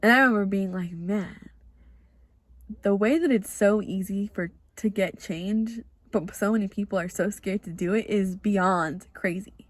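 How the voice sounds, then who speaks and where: A woman's voice: medium pitch, a little slow, no room sound. A young woman hosting her own podcast, telling a personal story in a confessional, casual way and often acting out her own past words. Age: young adult. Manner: chatty and confessional, heavy use of "like". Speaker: podcast host.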